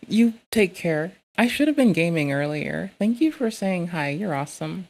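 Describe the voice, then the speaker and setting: A woman streaming live, chatting casually with heavy swearing and bursting into loud, excitable rants. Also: on the low side, moderate pace, hardly any pauses.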